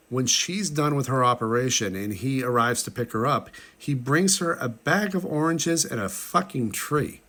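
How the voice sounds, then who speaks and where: A man's voice: medium pitch, a bit bright. Chatty man breaking down a movie. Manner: chatty, lots of "like", quick asides; exasperated, incredulous questions. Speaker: film reviewer. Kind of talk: casual movie breakdown commentary.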